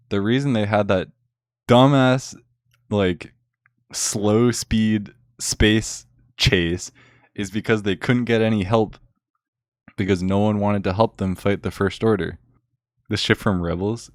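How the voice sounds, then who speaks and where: Sarcastic rambling low-voiced young man. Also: no echo, clean studio sound. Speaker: vlogger. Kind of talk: casual rant recapping a film.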